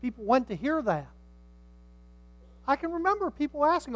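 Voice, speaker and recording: Older guy preaching, goes quiet then suddenly yells, does little voices for people. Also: very high voice, sing-song, normal speed, long pauses, rough recording. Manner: dramatic, swings from hushed to shouting, acts out voices. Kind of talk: sermon.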